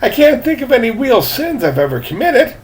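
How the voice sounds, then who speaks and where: A man's voice: very high-pitched, sing-song, fairly quick, slight background noise, voice pushed up. A man voicing a frail, fussy old man who is sure he is dying, with a quavering, old-fashioned way of speaking. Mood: fretful.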